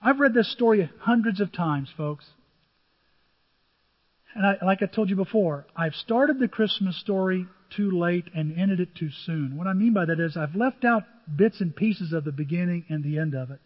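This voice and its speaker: An older male pastor preaches in a husky, high-pitched voice, telling stories with acted-out dialogue. The audio is dull and muffled, and a long reverb hangs on every word as if he were in a large church hall. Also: expressive, moderate pace. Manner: conversational storytelling, acts out biblical dialogue. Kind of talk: sermon.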